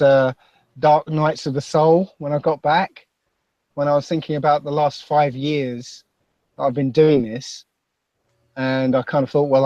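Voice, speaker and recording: A man with a Basildon accent telling a story as a podcast guest, halting and self-deprecating. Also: medium pitch, a little mellow, no echo, lo-fi sound. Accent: Basildon, Essex. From England. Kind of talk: casual chat.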